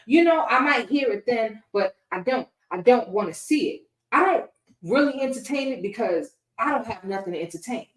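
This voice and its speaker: Defiant, preachy woman interviewee, animated delivery, miked from a distance. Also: fairly high pitch, moderate pace. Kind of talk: casual interview talk. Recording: echoey room, far from mic.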